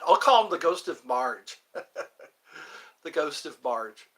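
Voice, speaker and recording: A middle-aged livestream host rambles through a live chat, joking, singing lines and putting on mock accents. His voice is a little high, a bit bright and very animated, though he takes it slowly.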